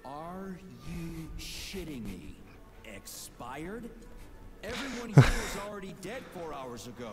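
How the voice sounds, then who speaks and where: An actor playing a gruff male soldier protagonist who talks sarcastically and swears a lot. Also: a little high, big pitch swings, takes it slowly. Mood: sardonic. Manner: sarcastic, profane. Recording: game music behind.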